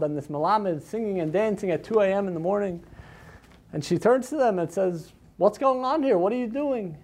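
Man, high-voiced speaker, dramatic storytelling sermon, acts out quotes. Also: mellow. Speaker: speaker at a community program.

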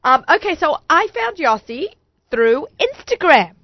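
Chatty, excitable woman radio host. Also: high voice, a little slow, no echo, lo-fi sound. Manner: chatty and excitable, laughs often. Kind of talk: casual chat.

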